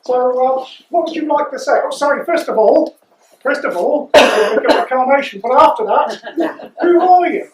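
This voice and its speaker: A man's voice: very high voice, lively intonation, normal speed, echoey room, recorded from a distance, slight background noise, poor audio. An amateur actor playing a fussy wedding videographer who hesitates and stumbles over his words. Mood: hesitant. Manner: hesitant, full of ums. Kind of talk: amateur stage acting.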